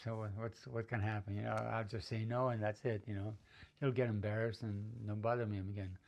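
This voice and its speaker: A middle-aged man casually telling a story from his own life, rambling with fillers and restarts, and sometimes lifting his voice higher and louder to act out the people in it. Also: level tone, a little fast, gravelly. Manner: acts out quoted voices, often higher and louder.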